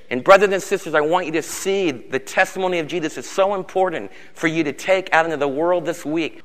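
A middle-aged man preaches a sermon from the pulpit, swinging between hushed tenderness and loud, insistent emphasis. His voice is bright and a little high for a man. The sound carries a long reverb from the large church hall around him. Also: a little fast, few pauses. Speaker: pastor. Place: church sanctuary.

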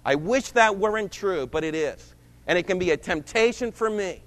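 A male pastor preaching a sermon, dramatically swinging between loud emphasis and low hushed lines. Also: brisk. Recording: long reverb of a large hall.

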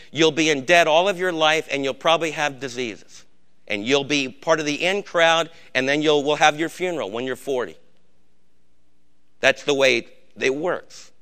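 An older man with a gray beard preaching a sermon, urging his congregation and swinging between hushed warnings and shouted exhortation. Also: a little high, clean tone. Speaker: pastor.

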